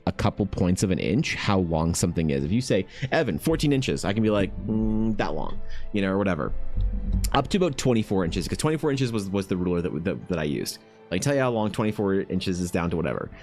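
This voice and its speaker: A man's voice: low voice, darkish tone. A man streaming while he draws, chatting casually in a laid-back, rambling way and swearing freely. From Canada. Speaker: art streamer.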